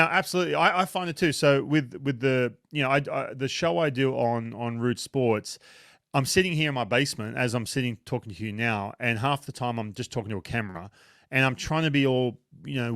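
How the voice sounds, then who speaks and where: A talkative Australian man in his thirties, relaxed and self-deprecating as he chats through an interview. His voice sits at an ordinary male pitch and sounds dry and close, with no room around it. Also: a little fast, dry recording. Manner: self-deprecating, chatty, frequent restarts. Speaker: retired pitcher, baseball analyst. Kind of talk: casual interview chat. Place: home basement.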